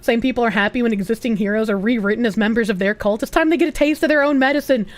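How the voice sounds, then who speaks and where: A young woman livestreaming casually, giggly and loud, swearing freely as she reads chat aloud. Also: fairly high pitch, very fast. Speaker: streamer.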